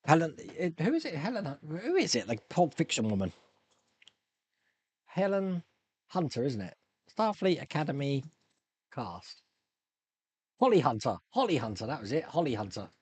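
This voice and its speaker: A man's voice: on the high side, sing-song, moderate pace, long pauses, darkish tone, husky, no echo. A man hosting a casual live stream from his home hobby room. He chats, rambles and reads viewer comments aloud. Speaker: live stream host answering viewer questions. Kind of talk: casual chat.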